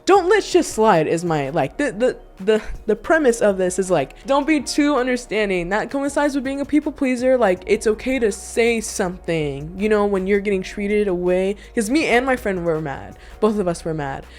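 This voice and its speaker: A woman's voice: medium pitch, lively intonation, moderate pace, few pauses. A young woman vlogger in casual chat indoors, telling stories candidly and animatedly with lots of asides. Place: indoor room.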